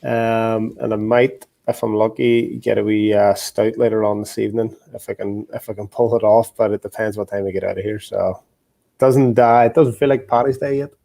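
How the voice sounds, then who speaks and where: A man's voice: on the low side, level tone, moderate pace, gravelly, mellow. A man with an Irish accent, a guest football coach joking easily in a casual podcast chat over a remote call. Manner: joking, easygoing.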